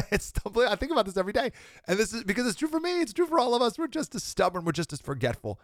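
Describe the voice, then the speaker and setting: A man's voice: high-pitched, very animated, quick pace, no room sound, clean studio sound. A young man hosting a podcast, preaching earnestly and emphatically, laughing between points and sounding slightly sick with a cold. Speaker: podcast host. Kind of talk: preaching monologue.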